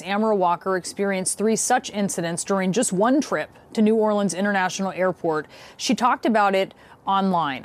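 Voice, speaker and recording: A woman news anchor in a measured, formal delivery, introducing a story and a guest. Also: medium pitch. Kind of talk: TV news reading and interview.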